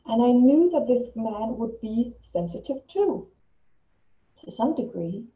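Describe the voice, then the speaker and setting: Speaking to the camera, a vlogger shares a casual story from her life in a warm, slightly high voice that swings widely in pitch and moves a little slowly. Her telling rambles, with frequent restarts and repeated words, and the lo-fi recording sounds distant, echoey, and dull.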